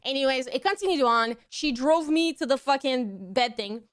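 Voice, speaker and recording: A young woman streamer casually tells her chat a story at a moderate pace, expressive throughout. When she quotes people, she acts out their lines in squeaky, high voices.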